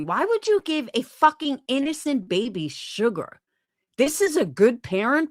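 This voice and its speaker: A woman's voice: high-pitched, very animated, measured pace, no room sound, studio quality. A woman streamer ranting angrily on a live stream, swearing often and firing rhetorical questions. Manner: angry, profane, rhetorical questions.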